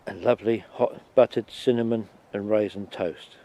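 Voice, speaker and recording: A man narrating his own video outdoors by marshland at dawn, in a relaxed, descriptive way. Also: lowish voice, moderate pace.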